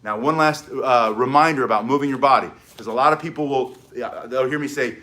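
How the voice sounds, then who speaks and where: A man's voice: mid-range voice, brisk, fairly bright tone. A man teaching self-defense, explaining and demonstrating moves with energy, sometimes moving away from the mic. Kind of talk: demonstration tutorial.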